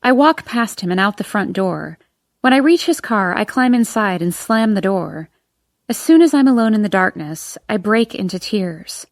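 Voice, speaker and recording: A woman narrates a first-person audiobook with an expressive, emotional delivery. Her voice sits at a middle pitch. The recording sounds dry and close, with no room around it. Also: moderate pace, dry recording.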